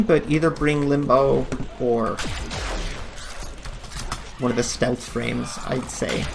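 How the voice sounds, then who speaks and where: A man's voice: mid-range voice, steady tone, takes it slowly, vocal fry, pauses often, background noise. A man hosting a gaming channel, giving rambling, jokey, self-deprecating commentary while he plays. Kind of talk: casual gameplay commentary. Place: home office.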